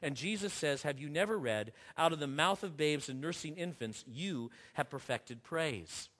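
A male pastor delivering a sermon with a bright, forceful tone and a slightly high voice. He surges with intensity on repeated phrases, then drops quiet and low, stumbling over restarts as he works through scripture. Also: animated, moderate pace. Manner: impassioned preaching, rising and falling in force, with restarts.

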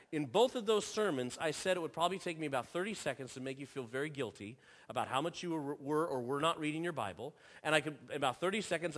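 Man, pastor, sermon, earnest, restarts phrases, high voice, church hall reverb. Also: fairly bright tone. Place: church sanctuary.

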